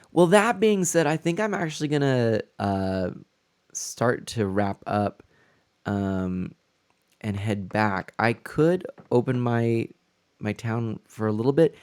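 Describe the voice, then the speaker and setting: A man's voice: on the low side, lively intonation, slow pace, darkish tone, smooth, dry recording, clean studio sound. A man streaming a game from a room at home, chatting casually and stumbling over his words on a desk mic. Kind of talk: casual chat while playing a game. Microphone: new desk mic setup.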